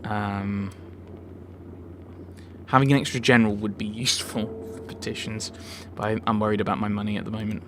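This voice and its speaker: A man's voice: on the low side, little pitch movement, fairly quick, noisy background. A man narrating a game playthrough, reading dialogue aloud and muttering wry comments. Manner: wry, self-mocking muttering. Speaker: let's play host.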